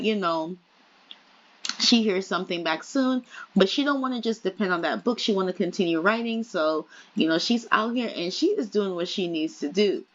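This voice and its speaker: In slightly dull lo-fi audio, a let's play gamer chats her way through a life-simulation game, voicing her characters' banter in quotes. She speaks casually in a mid-range voice with a fairly bright tone.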